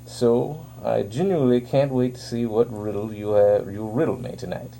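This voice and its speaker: A man's voice: mid-range voice, steady tone, moderate pace, gravelly, dark tone, a little hiss or hum, natural voice. A man putting on a gleeful theatrical male villain. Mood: gleeful taunting. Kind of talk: reading comic dialogue aloud.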